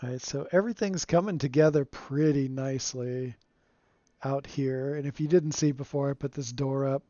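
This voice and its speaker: A man streaming a game, giving relaxed, rambling commentary and chuckling often, recorded on a home streaming mic. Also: medium pitch, moderate pace, no echo. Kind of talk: casual gameplay commentary. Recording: dull lo-fi dry sound.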